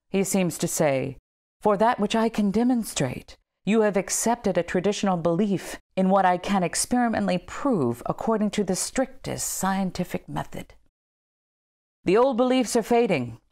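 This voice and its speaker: A woman's voice: medium pitch, darkish tone. A woman leading a book study, reading a text aloud with emphatic, dramatic delivery and casual asides in between. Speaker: study group leader.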